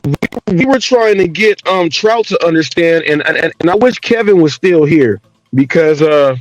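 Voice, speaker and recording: A man's voice: a little high, lively intonation, normal speed, dry recording, muffled recording, soft background music. A man on a stream, explaining earnestly and lecturing about knowing history.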